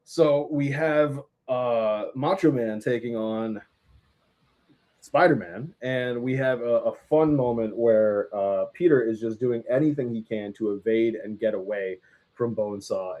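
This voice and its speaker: A man's voice: medium pitch, measured pace, dark tone. A man co-hosting a casual film review, animatedly retelling scenes and laughing along the way.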